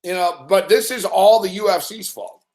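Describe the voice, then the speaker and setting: A man's voice: high voice, normal speed, a little mellow. Profane, rambling man in an echoey room. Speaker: sports betting show host. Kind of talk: late-night ranting storytelling.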